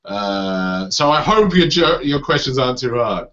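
A man's voice: mid-range voice, sing-song, a little slow, a bit bright, highs cut off. A man with an Australian accent, a comedian chatting casually in an interview, self-deprecating and acting out crowd reactions. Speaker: comedian guest.

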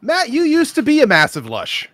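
A man's voice: very high-pitched, huge pitch swings, moderate pace, fairly bright tone, no echo, clean studio sound. A man co-hosting a casual podcast, joking and giggling often. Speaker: podcast co-host. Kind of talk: casual chat.

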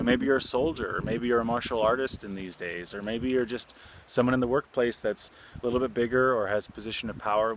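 A man, a martial arts teacher, telling a story in a relaxed, rambling way with many fillers. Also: mid-range voice, noisy background. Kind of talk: casual storytelling lesson.

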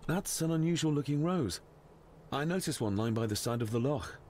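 A man's voice: mid-range voice, lively intonation, normal speed, darkish tone, slight background noise, natural voice. A man playing a polite, inquisitive young man asking about his late aunt. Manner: courteous, inquisitive. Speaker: game protagonist.

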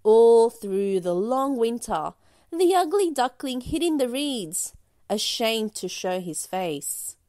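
A woman reading a children's picture book aloud in a gentle, expressive storytelling manner. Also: fairly high pitch, takes it slowly, no echo, studio quality.

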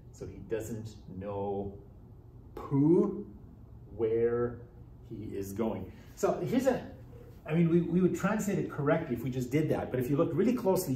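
A mellow-voiced man speaks far from the mic, off-mic in an echoey classroom with a faint hiss. He's lecturing a Greek class, working through grammar step by step with rhetorical questions and a widely swinging pitch.

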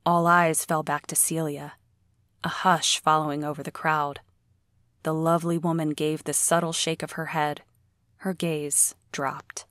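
Female audiobook narrator, low steady read, dry studio sound. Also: a little slow, no room sound.

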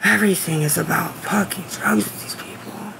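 Woman streamer, defensive and anxious, pleads with chat, bright tense voice. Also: mid-range voice, moderate pace, creaky, a little hiss or hum. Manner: anxious, pleading and defensive, rambling with repeated phrases. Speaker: livestreamer asking viewers for money. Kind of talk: casual live-stream chat, answering viewer comments.

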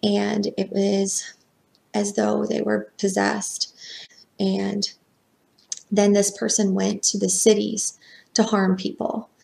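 A woman with a very creaky, flat voice recounts a dream, hesitating and slowing as she goes. Her pitch barely moves.

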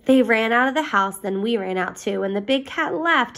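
A woman reading a rhyming children's picture book aloud in an expressive, sing-song manner. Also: a little high, moderate pace, hardly any pauses. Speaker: reader.

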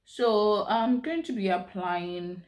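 A Nigerian vlogger does her makeup while chatting casually and explaining slang. She speaks slowly at a medium pitch.

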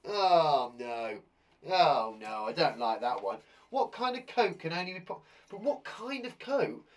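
Playful man teaching kids live. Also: on the high side. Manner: playful, theatrical reactions, chatty to children. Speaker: primary school teacher. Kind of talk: live online lesson for kids.

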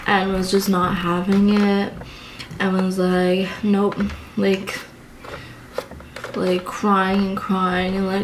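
Young woman, food vlogger, casual rambling chat, lots of fillers, middle pitch, faint background noise. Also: level tone, slow. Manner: chatty storytelling, many fillers and "like". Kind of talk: casual eating vlog chat.

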